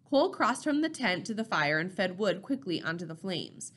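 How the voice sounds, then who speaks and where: A woman narrating a novel chapter in a steady, measured reading voice. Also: mid-range voice. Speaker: audiobook reader.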